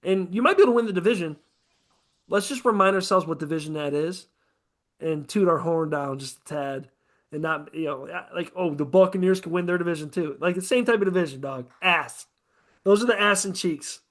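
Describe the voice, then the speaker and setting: A man's voice: on the high side, moderate pace, a bit bright. A man co-hosting a casual sports podcast, rambling and profane about football teams. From American Midwest. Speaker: podcast co-host.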